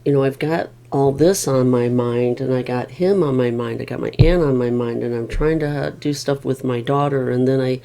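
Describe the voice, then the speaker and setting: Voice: mid-range voice, steady tone, moderate pace, vocal fry, hardly any pauses, warm tone. A middle-aged family caregiver rambling wearily in a casual vlog, with many restarts.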